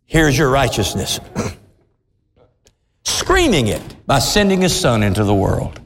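A man preaching a sermon with passion, his voice climbing into shouts at its peaks. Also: mid-range voice, big pitch swings, slow pace, gravelly, in a large hall, a little hiss or hum. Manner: impassioned, rising to shouts.

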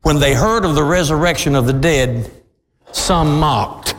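A man preaching a fiery, old-fashioned sermon, swinging between shouted peaks and low, drawn-out lines. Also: in a large hall, a little hiss or hum.

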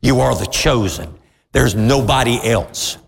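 A man preaching a sermon in a church, with fervent, drawn-out emphatic phrases. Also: medium pitch, gravelly, a little hiss or hum. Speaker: pastor. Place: church sanctuary with congregation responses. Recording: long church reverb.

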